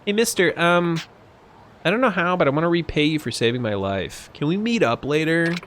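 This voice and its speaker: A man's voice: a little high, expressive, fairly quick, fairly bright tone, a little hiss or hum, voice pushed up. A man voicing a shy young woman who hesitantly thanks the man who saved her, reading game dialogue aloud. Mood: grateful. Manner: hesitant, polite.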